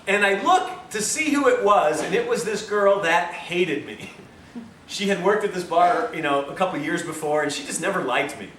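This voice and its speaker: Male health lecturer, animated storyteller, recorded on a far mic with faint hiss. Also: high-pitched, normal speed, roomy sound. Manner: animated, self-mocking storyteller. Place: lecture room with audience.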